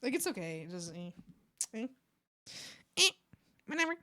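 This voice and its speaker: A woman streamer chatting loosely with her viewers, her voice sitting a little high and bouncing all over. She laughs a lot and drops the odd swear word in passing. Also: sing-song, normal speed, pushed and bright. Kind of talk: casual chat with viewers.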